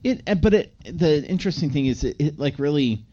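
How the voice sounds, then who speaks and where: A man's voice: a little high, expressive, fairly quick, warm tone. Guy rambling through a movie plot on a podcast, like like uh, kinda muffled audio. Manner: rambling, full of "like" and "uh" fillers. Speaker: podcast co-host. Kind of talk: casual movie recap chat.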